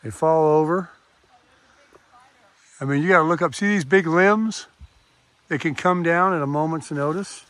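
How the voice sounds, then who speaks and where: A man's voice: fairly high pitch, normal speed, long pauses, a bit bright, clear, resonant tone, dry recording. Older male trail vlogger, chatty and folksy, camera mic outdoors in the woods. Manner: chatty, talks to viewers while walking. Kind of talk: casual hiking vlog. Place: wooded hiking trail outdoors. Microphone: camera mic, no external microphone.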